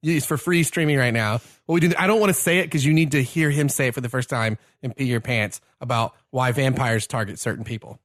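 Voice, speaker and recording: A man's voice: mid-range voice, fast talker, few pauses, a bit bright, no room sound, studio quality. A man co-hosting a podcast, chatting enthusiastically and joking about beer and films. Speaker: podcast co-host. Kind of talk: casual chat over beer tasting.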